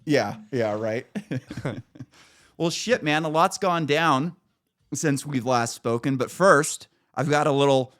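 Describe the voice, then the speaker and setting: A man's voice: medium pitch, takes it slowly, fairly bright tone. A man hosting a podcast, telling a story in a casual, profane, rambling way with frequent restarts. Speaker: podcast host.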